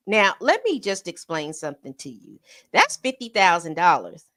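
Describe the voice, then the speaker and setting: A woman co-hosting a casual commentary stream, reading statements aloud and leaping high in pitch when incredulous. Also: sing-song, fairly bright tone, no room sound, clean studio sound. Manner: reads statements aloud with pauses. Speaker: co-host. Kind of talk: casual commentary on a news story. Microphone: streaming setup mic.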